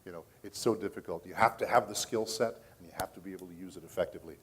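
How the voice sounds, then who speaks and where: A man's voice: low-pitched, very fast, a bit bright, slightly rough. A middle-aged man who works as a voice actor, telling stories at a convention panel in a chatty way and checking in with the audience often. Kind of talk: casual panel talk.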